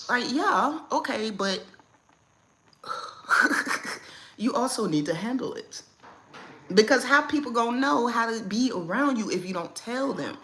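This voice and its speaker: A young to middle-aged woman, hosting a casual livestream chat from home in a blunt, animated way and laughing often. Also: on the high side, normal speed. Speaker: livestream host.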